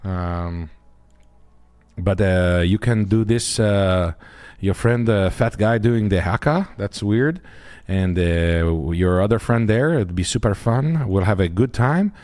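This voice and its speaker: A stammering Frenchman who cannot get a sentence out without an uh, as a man puts him on. He has a French accent and a lowish voice. The halting speech makes him a comedic bit on a podcast. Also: animated, darkish tone, no room sound. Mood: mock-solemn. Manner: hesitant, stuffed with uh fillers. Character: halting, crude Frenchman, middle-aged man.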